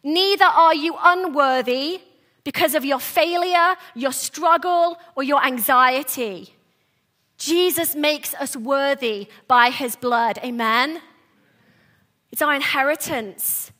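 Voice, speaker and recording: A woman pastor giving a sermon, earnest and soft-spoken, breaking into animated, quick asides. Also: high voice.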